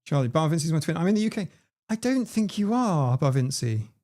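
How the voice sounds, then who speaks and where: A man's voice: a little high, very animated, brisk, a little mellow. A man, hosting a casual livestream and reading out viewers' comments in a chatty, playful way. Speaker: livestream host.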